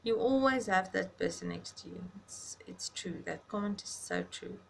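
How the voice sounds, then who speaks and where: A grieving woman talking in a personal video diary, halting and reflective, stopping to search for words and close to tears. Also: on the low side, vocal fry, slight background noise. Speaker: vlogger.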